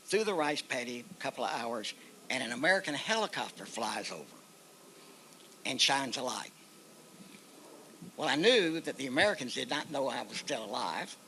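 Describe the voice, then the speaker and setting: An older man with an Oklahoma accent, a veteran guest speaker at an outdoor park memorial ceremony, recounts his own war story folksily, performing the dialogue. His medium-pitched voice sounds pushed and bright, and the rough recording carries a little hiss or hum.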